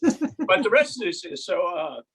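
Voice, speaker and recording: A man's voice: high-pitched, sing-song, unhurried, noisy background. A man doing a stand-up comedy set from home, telling true stories and putting on voices for the people in them. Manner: storytelling with acted voices and bursts of laughter.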